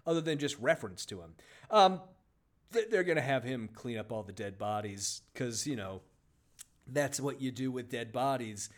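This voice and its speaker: A man co-hosting a book review podcast, chatting casually and sarcastically, reading passages aloud with mock emphasis. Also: moderate pace. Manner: animated, sarcastic, jumps up in pitch for jokes. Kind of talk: casual comedic chat with read-aloud passages.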